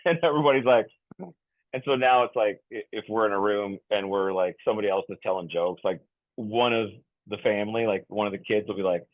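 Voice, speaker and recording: A man's voice: lowish voice, a little fast, no room sound. A man in his fifties, a podcast guest, telling family stories in a rambling, jokey way, full of fillers and restarts. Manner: jokey, self-described goofy. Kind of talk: casual conversational storytelling. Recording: tinny phone-like dry sound.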